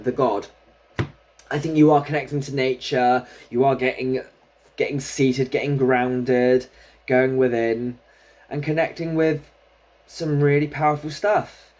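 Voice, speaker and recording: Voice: medium pitch, darkish tone. A tarot reader giving a casual solo reading, chatting and thinking aloud while drawing cards.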